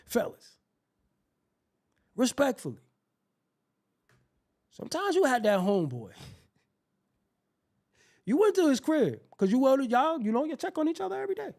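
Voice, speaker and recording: A man's voice: extremely high pitch, normal speed, creaky, pauses often. A man hosting a show, telling profane comic stories and acting out the people in them, laughing as he goes. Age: adult. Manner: animated, acts out voices, laughs often. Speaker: show host. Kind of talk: profane comedic storytelling.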